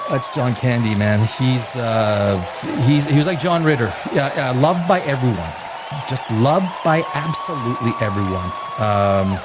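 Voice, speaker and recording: A man's voice: mid-range voice, noisy background. A man hosting a casual live stream, rambling and joking with many fillers and restarts. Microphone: desk microphone.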